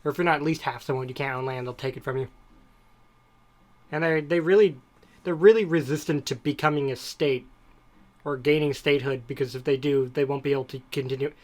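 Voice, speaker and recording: A man's voice: mid-range voice, steady tone, brisk. A man co-hosting a podcast, chatting casually and rambling from one topic to the next. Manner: rambling, digressive storytelling. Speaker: podcast co-host. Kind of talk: casual chat.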